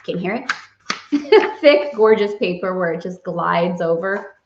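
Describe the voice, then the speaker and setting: A woman's voice: lowish voice, lively intonation, a little slow, a little mellow. A woman hosting a casual live stream, gushing and bubbly, laughing often as she chats with viewers. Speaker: host. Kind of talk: casual livestream chat. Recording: roomy, dull lo-fi sound.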